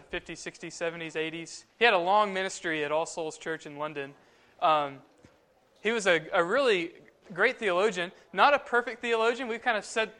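A man with a fairly high voice teaches a Bible study group in a loose, chatty way, full of fillers and restarts. He sits well back from the mic, so he sounds distant. The room rings with a strong echo. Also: sharp tone. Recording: very echoey room, mic far off.

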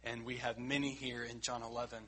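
A man preaching a sermon in an earnest, emphatic way, rising loud and dropping quiet. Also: medium pitch, flat delivery, fairly quick, slightly rough.

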